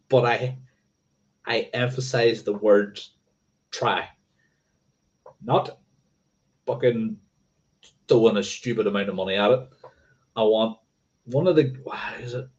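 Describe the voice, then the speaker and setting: A man's voice: on the low side, slow, long pauses, dull audio. A man hosting a casual livestream, rambling and correcting himself and swearing offhandedly. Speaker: motorcycling livestream host.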